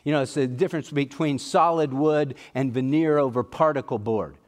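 A man's voice: medium pitch, moderate pace. A middle-aged man preaching a sermon in a folksy, conversational way, telling personal stories.

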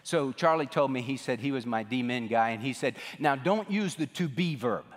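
A man's voice: medium pitch, normal speed. A middle-aged man preaching a sermon as pastor, telling stories in a folksy way and acting out what people said. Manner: folksy storytelling, animated quoting. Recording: long reverb of a large hall.

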